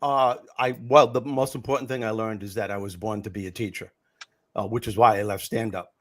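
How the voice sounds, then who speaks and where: An older man, a comedian and former teacher, telling animated stories in a podcast interview and acting out the voices he quotes. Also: on the low side, a little fast.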